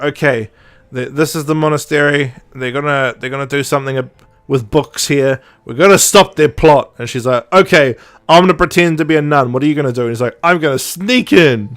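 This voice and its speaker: A man's voice: fairly high pitch, clean tone. A man hosting a podcast, retelling a story in casual chat and acting out the quoted lines. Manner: chatty, animated, acts out quoted dialogue with laughs. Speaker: podcast host.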